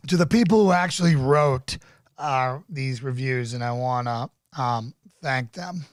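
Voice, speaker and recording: A man's voice: mid-range voice, a little slow, dry recording, clean studio sound. A man hosting a casual live-stream chat, laid-back and rambling with lots of fillers. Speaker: podcast host.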